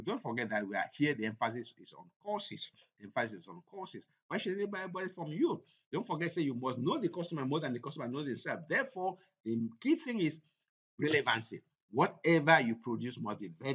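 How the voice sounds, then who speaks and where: A man's voice: mid-range voice, fairly bright tone, muffled recording. A man presenting a slide lecture on a course topic, who repeats his points for emphasis. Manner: repetitive, emphatic, restates points.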